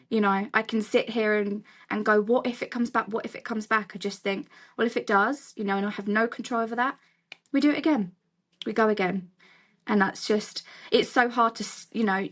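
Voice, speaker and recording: A woman in her twenties with an Essex accent, talking in a relaxed, open way. She speaks at an ordinary middle pitch and fills her sentences with "you know" and "like" as she tells her own story. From England. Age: 20s. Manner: open, chatty, many fillers like "you know". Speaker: cancer survivor sharing her story. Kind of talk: casual interview talk.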